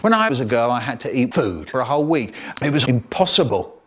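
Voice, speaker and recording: Animated older storyteller man. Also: medium pitch, brisk, breathy edge. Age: 70s. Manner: animated, theatrical, leaps between voices. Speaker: children's storyteller. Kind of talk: spliced comic storytelling.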